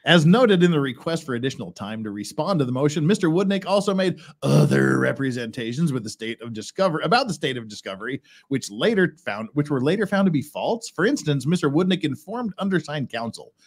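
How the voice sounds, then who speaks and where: A man with a rather high, very animated voice, reading dry legal text aloud and then breaking into mocking asides. His delivery is casual and sarcastic, the tone of a podcast co-host picking a court filing apart. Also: brisk, hardly any pauses, slightly rough.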